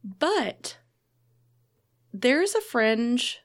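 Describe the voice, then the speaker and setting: A woman co-hosting a podcast in casual chat, relaxed and chatty, with many fillers. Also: a little high, drawn-out words. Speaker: podcast co-host.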